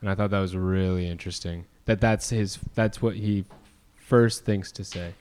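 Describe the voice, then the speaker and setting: A man with a low, smooth voice talks in a loose, rambling way, stacking up fillers and details. He sounds animated and a little nerdy in relaxed chat with friends. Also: moderate pace. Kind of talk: casual chat.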